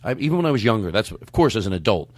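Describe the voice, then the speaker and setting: A man's voice: lowish voice, big pitch swings, rapid-fire, no echo. A man hosting a comedy podcast, chatting in a rambling way with frequent laughs and restarts. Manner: rambling, laughing, self-interrupting. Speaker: podcast host. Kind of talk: casual comedic chat.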